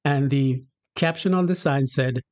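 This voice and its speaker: A man from Jamaica with a Jamaican accent, casually explaining his native Patois as host and acting out bits of dialogue in a chatty, relaxed way. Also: medium pitch, measured pace, no echo.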